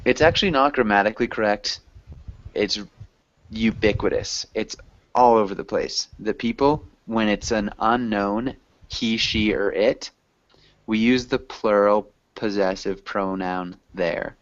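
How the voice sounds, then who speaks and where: A man with a slightly low voice explains grammar to students in a relaxed, rambling way, filling pauses with ums. The sound is dry and somewhat muffled, lo-fi quality. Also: dry recording. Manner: patient, loose and chatty, with many ums. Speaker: English teacher. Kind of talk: explaining in an online class. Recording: dull lo-fi audio.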